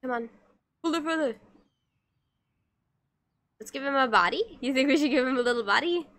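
A woman's voice: high voice, normal speed, a bit bright. A woman streamer chatting casually with her viewers while she draws, giggly and playful as she teases her chat.

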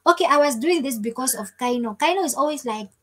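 A woman's voice: high voice, lively intonation, fast, rough recording. A woman hosting a casual live stream, chatting effusively and thanking viewers over and over. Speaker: livestream host.

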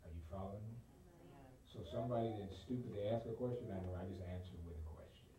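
Deep-voiced preacher in a roomy church. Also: male voice, fast talker, crowd noise. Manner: emphatic, repeats himself, talks directly to the congregation. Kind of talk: live sermon. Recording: roomy, far from the mic, noisy live stream.

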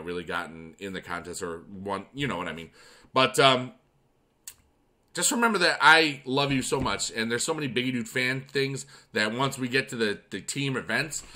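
A young man from upstate New York hosting a casual gaming video, chatting while reading fan mail and bursting into excited cheers. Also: medium pitch. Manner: excitable, swings into loud shouting cheers. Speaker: YouTube gaming channel host.

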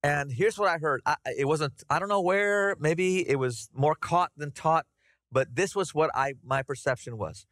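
A middle-aged man preaching a conversational, animated sermon to his congregation. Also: on the high side, moderate pace, no echo, studio quality. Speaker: pastor. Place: church sanctuary.

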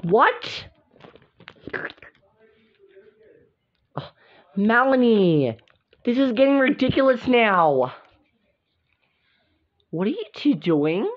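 A woman's voice: on the high side, very animated, slow, pauses often. A woman voicing a sad, self-pitying young woman who feels left out, in a home-made doll drama, talking in a mopey, resigned way. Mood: exasperated. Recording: dull lo-fi home recording.

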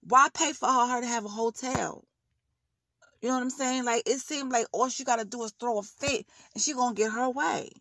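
A woman's voice: on the high side, normal speed, pushed and bright, dry recording. A woman vlogger giving blunt, heated commentary on a reality show, ranting in casual slang.

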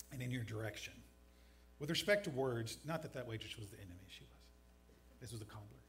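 A man preaches to a congregation in a relaxed, conversational way. His voice sits in a middle pitch, and he slips dry jokes between scripture readings. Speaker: pastor. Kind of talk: sermon. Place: church sanctuary.

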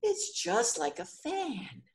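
A woman voicing a stubborn blind man who shouts his point in a storybook reading. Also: very high-pitched, wildly swooping pitch, takes it slowly, gravelly, voice pushed up, heavily acted. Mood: amused. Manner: shouting, insistent.

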